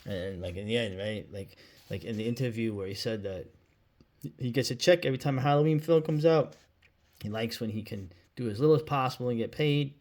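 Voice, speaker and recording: A man talks casually through a book he likes, in a loose and rambling vlog. His voice sits at an ordinary middle pitch, full of "uh" and "right?" as he jumps from one point to the next. His talk is easygoing and now and then profane. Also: fairly quick, darkish tone. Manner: rambling, lots of fillers and asides; casual, swears, says "dude" and "right?". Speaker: book reviewer.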